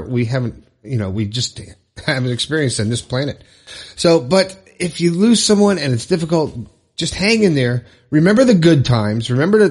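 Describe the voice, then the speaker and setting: A male podcast host speaking on his own. His slightly high voice swings up and down a lot as he talks. He sounds encouraging and chatty, and he drifts into casual fillers and restarts. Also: husky. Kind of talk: upbeat solo podcast monologue.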